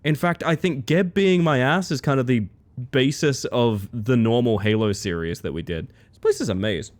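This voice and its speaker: A man live-streaming, chatting with his viewers in a playful, excitable way. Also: medium pitch, normal speed. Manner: playful, excitable, talks to chat. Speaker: livestreamer. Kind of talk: casual live-stream chat.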